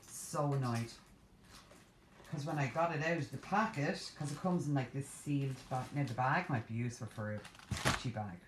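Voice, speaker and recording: An Irish woman vlogging about cross-stitch, ranting in an animated, exasperated way with playful asides. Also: rumbling low, a little hiss or hum. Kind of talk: casual chat to camera. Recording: echoey room.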